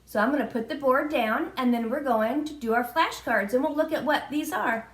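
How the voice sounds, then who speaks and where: A woman preschool teacher giving a children's virtual lesson, prompting slowly in a sing-song way and spelling out letters. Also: high-pitched. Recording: echoey room.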